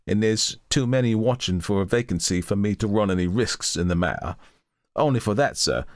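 A man's voice: lowish voice, no echo, studio quality, voice pushed up, lightly acted. A man voicing a blunt, sniffy old charwoman in a storybook reading, with folksy, matter-of-fact talk.

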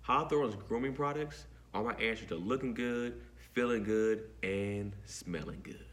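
A man's voice: measured pace, a bit bright. A man co-hosting a podcast, reading a sponsor ad in a playful, boastful, joking way. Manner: boastful, joking, plays up the pitch with mock quotes. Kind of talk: playful ad read.

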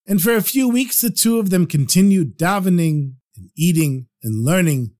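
A man narrating a story for a podcast, in an animated storytelling manner. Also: high-pitched, moderate pace, hardly any pauses.

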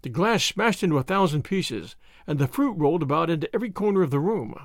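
A man narrating a detective story in an animated, dramatic reading. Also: fairly high pitch, quick pace, dry recording, studio quality. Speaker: audiobook narrator.

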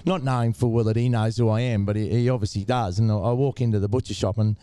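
Middle-aged Australian man, easygoing storyteller, mellow and resonant, close and dry. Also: fairly low pitch, fairly even intonation, fast, clear, resonant tone. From Tasmania, Australia. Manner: laid-back, says mate a lot. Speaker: guest, former cricketer. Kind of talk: casual interview storytelling.

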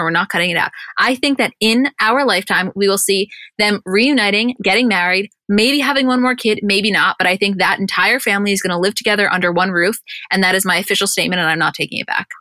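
A woman's voice: mid-range voice, bright, forceful tone, no echo, clean studio sound. A woman co-hosting a podcast, recapping a reality show in casual chat, gushing and swearing freely with lots of "like". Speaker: podcast co-host.

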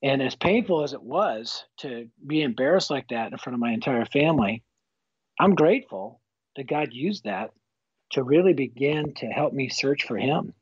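A man in his fifties, a guest telling his personal faith story in an earnest, animated, folksy way. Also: medium pitch, moderate pace, husky, no room sound. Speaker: guest author. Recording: slightly muffled, dull recording.

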